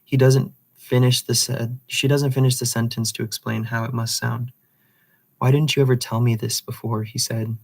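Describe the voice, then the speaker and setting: Man reading a novel aloud, flat delivery. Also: medium pitch, moderate pace, gravelly. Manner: reads dialogue plainly, with slips and restarts. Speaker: reader.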